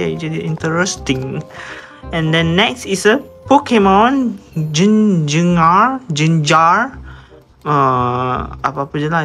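A woman's voice: lowish voice, fairly bright tone. A woman chatting casually as she unboxes toys, reading the box text aloud and switching languages mid-sentence. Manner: chatty, switching between Malay and English. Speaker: unboxing vlogger.

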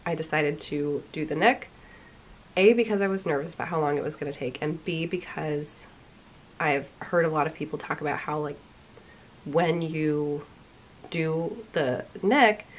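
A young woman with a congested, sick voice talks casually to her audience as a knitting podcast host. Her voice sits low, and she is chatty and self-deprecating, with small laughs. Faint background noise runs under the recording. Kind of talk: casual chat.

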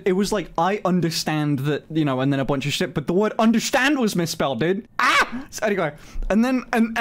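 A man telling a story on his stream in a casual, animated way, swearing often and filling his talk with "like". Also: high voice. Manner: animated, swears a lot, many fillers.

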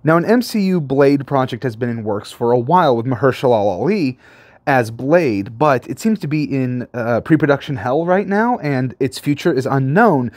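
A man's voice: mid-range voice, expressive, moderate pace, darkish tone, dry recording. Enthusiastic man reviewing movies. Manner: enthusiastic, gushing. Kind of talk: casual film commentary.

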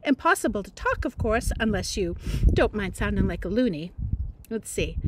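A teacher reading a novel aloud in a dramatic, playful voice, with chatty asides. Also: female voice, mid-range voice, very animated, normal speed, background noise. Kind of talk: expressive read-aloud narration.

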